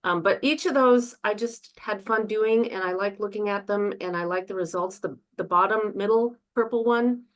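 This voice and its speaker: A woman's voice: mid-range voice, moderate pace, few pauses. A woman, a student in a painting class, cheerfully describing her own paintings over a video call. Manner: cheerful, relaxed, with fillers.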